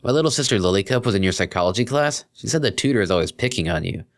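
A man's voice: fairly low pitch, expressive, very fast. A man voicing an easygoing, chatty young male earth pony student in a fan fiction reading.

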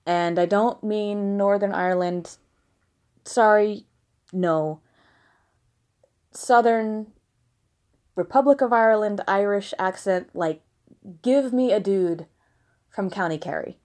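A woman's voice: medium pitch, slow pace, pauses often, a little mellow. A woman from the American South reading listener questions aloud and answering them frankly, with laughing asides. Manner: frank, blunt, giggly asides. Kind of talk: casual question-and-answer monologue. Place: at home with a dog nearby.

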